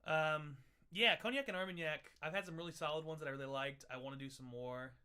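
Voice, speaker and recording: A man's voice: on the high side, fast talker, sharp tone, smooth. A playful young man hosting a casual whisky livestream, joking and chatting. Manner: playful, jokey, breaks into laughs. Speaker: livestream host. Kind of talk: casual tasting livestream chat.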